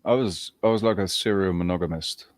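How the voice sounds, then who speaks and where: A man co-hosting a podcast, telling a personal story in a rambling, halting way with frequent restarts. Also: sits low, a little hiss or hum. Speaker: podcast co-host. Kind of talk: casual chat.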